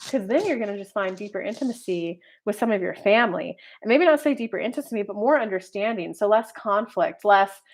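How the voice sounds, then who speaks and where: A woman's voice: mid-range voice, expressive, a little fast, hardly any pauses. A woman life coach and tarot reader talking casually to viewers in a rambling, chatty way with many filler words. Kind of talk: casual horoscope video monologue.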